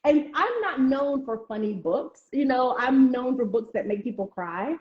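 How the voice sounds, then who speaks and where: Chatty woman author on an echoey call. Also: unhurried. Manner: chatty, with many ums and restarts; acts out other people's lines in a high, excited voice. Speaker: author being interviewed. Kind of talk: casual conversational interview. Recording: echoey, dull lo-fi call audio.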